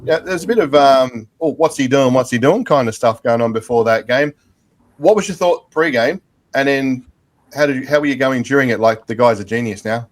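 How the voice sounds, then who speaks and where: Fast-talking, bantering English-born host. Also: male voice, mid-range voice. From England. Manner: jokey, bantering, moves quickly between questions. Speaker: podcast host. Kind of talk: casual football chat.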